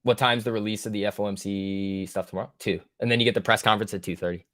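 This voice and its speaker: A man's voice: lowish voice, steady tone, quick pace, a bit bright. A man hosting a stock market livestream, chatting casually, joking and swearing as he reacts to his viewers. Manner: joking, profane, reacting to chat.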